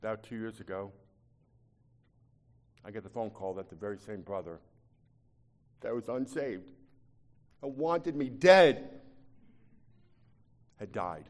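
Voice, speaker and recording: A man preaching a sermon, shifting from quiet, confiding talk to loud, impassioned pleading, often repeating words as he restarts. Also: lowish voice, moderate pace, long pauses. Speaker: pastor.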